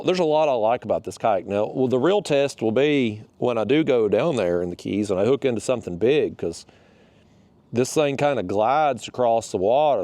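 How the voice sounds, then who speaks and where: A fishing vlogger with a mellow, medium-pitched voice chats casually from a kayak outdoors, with no room sound on the recording. He rambles a bit breathlessly, restarting sentences and using folksy expressions.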